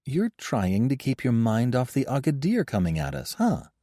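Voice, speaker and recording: A man voicing a young male adventurer, sarcastic and joking, keeping steady in danger. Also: mid-range voice, moderate pace, dry recording, clean studio sound, pitched above the performer's own voice. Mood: wry.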